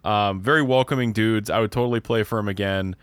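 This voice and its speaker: A man's voice: on the low side, fairly even intonation, quick pace, clear, resonant tone, no room sound. A young man from Pennsylvania with a Pennsylvania accent, co-hosting a podcast in casual chat and rambling with many restarts. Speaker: podcast co-host.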